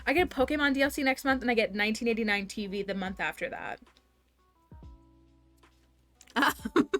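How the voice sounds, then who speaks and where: A woman's voice: fairly high pitch, moderate pace, a bit bright, soft background music. A woman livestreaming a game, chatting upbeat with her viewers and laughing often. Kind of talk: casual livestream chat with viewers.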